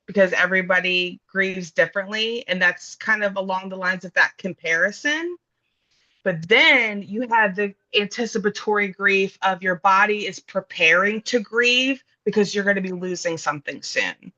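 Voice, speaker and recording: A woman's voice: mid-range voice, moderate pace, bright, forceful tone, dull audio. A woman in an earnest, casual conversation about grief, thinking aloud with fillers and restarts. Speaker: guest speaking on grief.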